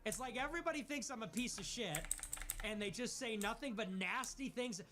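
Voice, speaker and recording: Animated, profane male stream host. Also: sits high, brisk, over music. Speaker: livestream host. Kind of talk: casual livestream talk.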